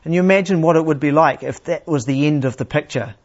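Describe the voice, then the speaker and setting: A man preaching a sermon in a plain, unhurried teaching manner, asking his listeners questions. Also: a little high. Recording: slightly dull, lo-fi sound.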